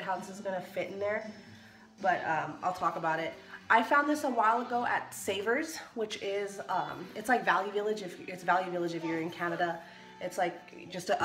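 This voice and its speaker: In an echoey room at home, a young woman vlogger shows off items in her small kitchen. Her voice sits at a medium pitch with a fairly bright tone, and she rambles casually, full of fillers and restarts.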